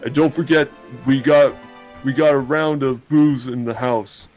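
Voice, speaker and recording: A man's voice: medium pitch, steady tone, unhurried, darkish tone, soft background music, lightly acted, low-quality recording. Video-game voice: a man playing a boisterous, drunken carpenter who slurs his lines, mid-range voice. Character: drunken male carpenter freed from a cell.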